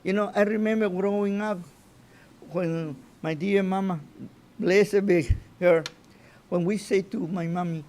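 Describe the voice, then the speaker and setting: A man teaching an informal Torah lesson as a rabbi, halting and restarting his phrases and often asking "you know?". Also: sits high, steady tone, darkish tone.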